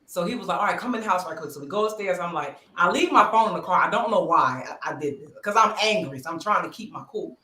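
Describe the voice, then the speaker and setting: A woman's voice: lowish voice, lively intonation, fast, few pauses, pushed and bright. A woman co-hosting a podcast, telling a story dramatically and acting out each person in it. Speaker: podcast co-host. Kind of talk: animated storytelling. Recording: roomy echo.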